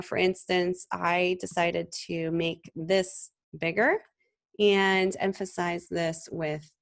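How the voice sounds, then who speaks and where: A woman teaching a design class in a screen-recorded software tutorial, talking in a relaxed, conversational way with frequent ums and restarts. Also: fairly low pitch, creaky. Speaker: design instructor.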